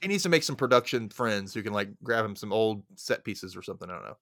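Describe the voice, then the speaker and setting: A man's voice: fairly low pitch, animated, fast, no room sound, clean studio sound. A man hosting a podcast, recapping a movie in a casual, laid-back way and acting out the characters' lines. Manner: laid-back, acts out characters with sudden loud yelps. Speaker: podcast host.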